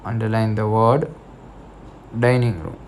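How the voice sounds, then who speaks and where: Slow Indian English teacher spelling words. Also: male voice, on the low side, darkish tone, a little hiss or hum. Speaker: school teacher. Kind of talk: English lesson for children.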